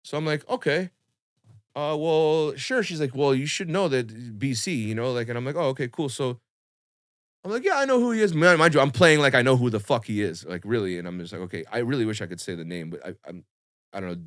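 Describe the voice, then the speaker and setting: A man's voice: medium pitch, fairly quick, dry recording, clean studio sound. Loose, swearing young man telling a story. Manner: animated, swearing, lots of fillers, acts out quotes. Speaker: podcast guest telling his story. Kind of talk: casual storytelling chat.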